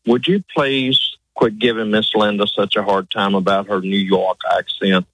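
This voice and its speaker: A man's voice: fairly low pitch, fairly even intonation, moderate pace, fairly bright tone, husky, no room sound, poor audio. A man with a rural Southern US accent calling a radio show, polite and stammering a little as he starts. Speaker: caller, truck driver.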